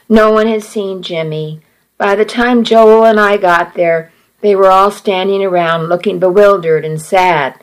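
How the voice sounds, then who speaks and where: A woman reading a first-person story aloud, earnest and measured. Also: mid-range voice, low-quality recording. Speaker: narrator.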